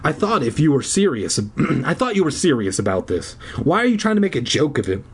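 A man's voice: fairly high pitch, big pitch swings, fairly quick, slight background noise, pitched above the performer's own voice. A man voicing an earnest, anxious young girl speaking in a story.

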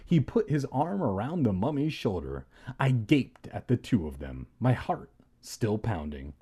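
A man reads a storybook aloud, stopping for crude, irreverent jokes. His voice is husky and mellow, and it rises and falls a great deal as he reads. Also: mid-range voice, big pitch swings, a little slow. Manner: irreverent, profane, laughs often. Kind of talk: reading a book aloud with joking asides.

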